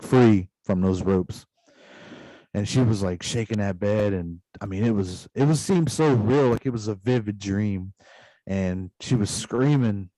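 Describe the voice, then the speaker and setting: A man's voice: on the low side, dark tone, no room sound, rough recording. A man casually retelling a long dream on a podcast, rambling loosely with constant asides. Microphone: podcast microphone.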